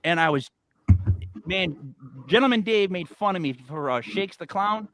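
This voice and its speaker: Man, talk-show host, excitable, repeats himself, high bright voice. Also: measured pace, no room sound. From Italian-American. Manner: excitable, stammers and repeats words. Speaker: podcast host. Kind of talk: casual chat.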